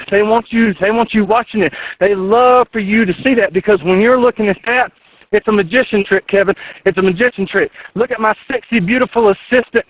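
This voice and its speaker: A man's voice: sits high, no room sound. A man in his thirties from North Carolina, a radio guest preaching in a fired-up, repetitive way, calling in from outdoors in his yard. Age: 30s. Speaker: internet radio host, guest. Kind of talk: impassioned guest talk on a call-in radio show. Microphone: phone line. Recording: tinny dry phone line.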